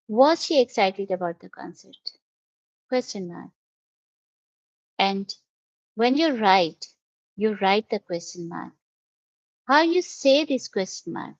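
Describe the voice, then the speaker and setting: Slow, patient woman teaching English. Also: on the high side, no echo. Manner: patient, spells out each step. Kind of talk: slow, careful classroom explanation. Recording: dull, dry lo-fi audio.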